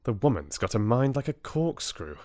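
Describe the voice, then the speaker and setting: A man's voice: medium pitch, big pitch swings, normal speed, mellow, no room sound, clean studio sound, pitched above the performer's own voice, lightly acted. A man voicing a posh young prince, clipped and irritable yet fond, with a British accent. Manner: clipped, upper-class.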